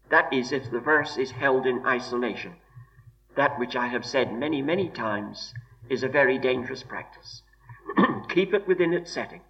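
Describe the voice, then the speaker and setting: A man preaching an expository sermon in a slow, measured way, weighing each word with deliberate emphasis. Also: on the high side, pushed and bright. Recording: dull lo-fi recording.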